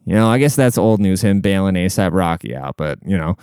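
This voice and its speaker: A man's voice: low-pitched, expressive, fairly quick, hardly any pauses, darkish tone, clean tone, dry recording. A man in his late twenties rambling in a casual, profane, slangy monologue.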